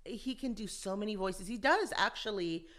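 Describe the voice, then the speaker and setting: A lively woman guest tells her stories with animation in a relaxed interview. She speaks at a mid pitch. She brings the people in her stories to life as she tells them. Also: normal speed. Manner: animated storyteller, acts out quotes. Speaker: actress and voice actor, guest. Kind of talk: casual interview chat.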